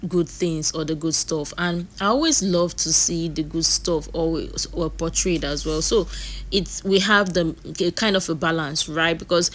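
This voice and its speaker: A woman's voice: low voice, fairly even intonation, normal speed, fairly bright tone. A woman hosting a reaction video, talking earnestly and rambling, often repeating herself. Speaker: reaction channel host. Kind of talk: casual reaction commentary.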